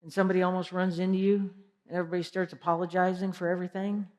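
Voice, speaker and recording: A woman giving an energetic motivational keynote, asking the audience direct questions. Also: fairly low pitch, very fast. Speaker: keynote speaker. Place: large conference hall. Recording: long hall reverb.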